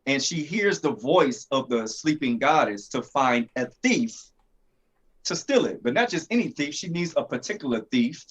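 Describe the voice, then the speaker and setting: A man, a comic creator, answering interview questions and explaining his story in a measured, relaxed way. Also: medium pitch, slightly rough.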